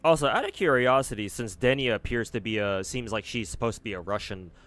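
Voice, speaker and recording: A man's voice: mid-range voice, fairly quick, fairly bright tone. A man streaming a game, thinking aloud in a rambling, casual way and swearing now and then. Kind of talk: casual gameplay commentary. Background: faint game music.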